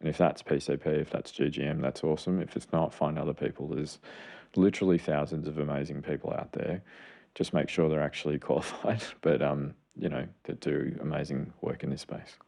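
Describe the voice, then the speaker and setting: A man with an unusually deep, gravelly voice, talking in an earnest, rambling way. His tone is dark and mellow, and he corrects himself mid-sentence as he explains things on a podcast. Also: steady tone, fairly quick. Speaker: podcast co-host, child clinician. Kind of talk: casual explanatory chat.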